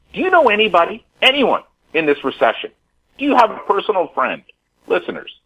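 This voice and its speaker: A man's voice: medium pitch, pushed and bright, breathy edge, low-quality recording. A man giving an emphatic, repetitive commentary in a radio talk interview, often calling his listeners "folks.". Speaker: housing market commentator.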